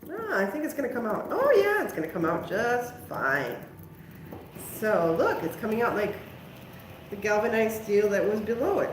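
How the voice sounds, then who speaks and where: With a mid-range voice that's very animated at a normal speed, the woman chats casually to viewers and teases herself while painting on her crafting stream. The audio is roomy, with a little hiss or hum.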